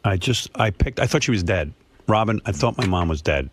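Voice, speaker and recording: A man's voice: lowish voice, lively intonation, a little fast, slight background noise. A middle-aged man hosting a radio show, telling a personal story in a rambling, emotional way with many restarts. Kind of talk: casual radio chat.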